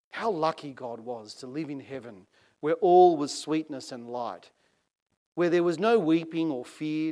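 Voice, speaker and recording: A male preacher delivering a sermon, reading passages aloud with measured, dramatic emphasis that swells on key phrases. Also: on the high side, darkish tone.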